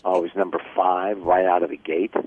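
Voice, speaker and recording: A man's voice: sits low, little pitch movement, brisk, a little hiss or hum. An older man chatting casually as a guest, telling stories and jokes. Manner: chatty, jokey storyteller. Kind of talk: casual chat. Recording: tinny phone line.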